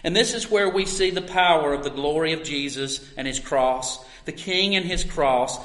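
A man's voice: on the high side, normal speed. Echoing, earnest male preacher. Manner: earnest, with many questions to the listener, swinging from loud to soft. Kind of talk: sermon. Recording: roomy hall with long echo.

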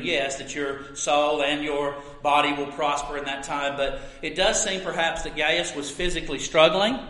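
A man with a high, bright voice preaches earnestly and unhurriedly, leaning on key words. His voice rings through a roomy church sanctuary with a long echo. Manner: earnest, emphatic preaching with pauses. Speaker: pastor. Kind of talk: expository sermon.

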